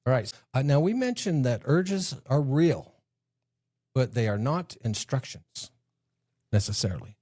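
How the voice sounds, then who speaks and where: Animated joke-telling male podcast host. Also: medium pitch, unhurried, dry recording, clean studio sound. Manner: animated, jokey, laughs at his own jokes. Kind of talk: casual chat, telling jokes.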